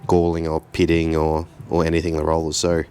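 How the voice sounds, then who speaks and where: In a very low voice and at a slightly fast clip, a home mechanic host walks through a car repair in his garage, casual and chatty with a self-deprecating streak. A faint hiss of background noise runs beneath him.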